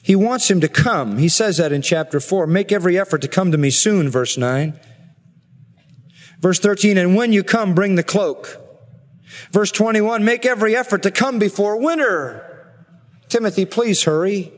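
A man preaching an expository sermon earnestly, slowing down and rising in pitch to stress his points. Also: animated. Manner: earnest preaching, slows and rises for emphasis. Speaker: pastor. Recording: long reverb of a large hall.

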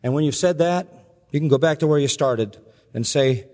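A man preaching a sermon, telling stories earnestly and slowing down for the emotional parts. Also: fairly high pitch. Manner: earnest storytelling, slows and softens for emotional quotes. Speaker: pastor. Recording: long reverb from a large hall.

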